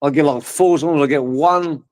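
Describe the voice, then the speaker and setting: A middle-aged Englishman hosts a casual livestream chat, rambling, joking and swearing freely with crude humour. His voice is fairly high, brisk and somewhat dark in tone.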